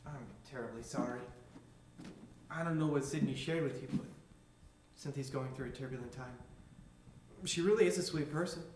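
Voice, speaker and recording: An actor on stage playing a proper, indignant gentleman who tries to calm a quarrel. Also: medium pitch, moderate pace, long pauses, natural voice. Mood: placating. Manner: formal, indignant. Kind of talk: stage play acting. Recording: echoey stage, distant, noisy.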